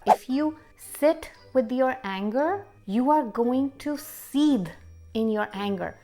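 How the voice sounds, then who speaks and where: A woman life coach explains self-help steps in an earnest, direct way. Her voice sits a little high. Faint music plays beneath her. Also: expressive, slow pace, mellow. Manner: earnest, instructive, direct advice. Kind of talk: motivational coaching talk.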